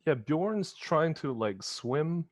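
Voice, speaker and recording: Confused goofy player, slow and lively. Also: mid-range voice, background noise. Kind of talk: comic in-character play.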